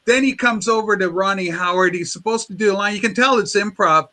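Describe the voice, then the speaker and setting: Guy hosting a chat, high bright voice, acts out the quotes. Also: brisk, low-quality recording. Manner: lively anecdotes, acts out quotes. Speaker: show host. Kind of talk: casual chat, animated storytelling.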